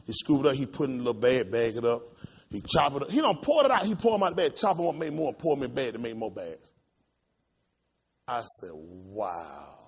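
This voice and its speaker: Impassioned preacher with a lively, swooping voice. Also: male voice, slightly rough. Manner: impassioned storytelling, swinging between loud high outbursts and low quiet asides. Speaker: pastor. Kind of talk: sermon.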